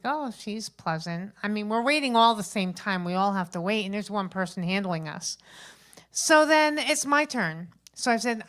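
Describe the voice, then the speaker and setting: A woman, a grandmother around her fifties, tells a chatty, animated stand-up story at an open mic, acting out the people in it. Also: mid-range voice. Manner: chatty, animated retelling with acted-out quotes. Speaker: stand-up comedian. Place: open mic stage at a local venue.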